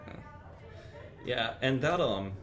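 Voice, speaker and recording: A man teaching a private composition lesson, explaining in a relaxed, chatty way with many ums. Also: mid-range voice, takes it slowly. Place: university music lesson room.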